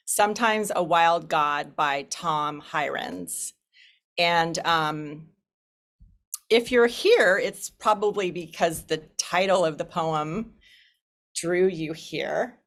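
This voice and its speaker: A woman with a fairly low voice opens an online discussion group. She talks in a loose, relaxed way, with plenty of hesitations and restarts, and she is heard over a video call. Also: unhurried. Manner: relaxed, many fillers and restarts. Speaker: group facilitator. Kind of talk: welcoming group introduction.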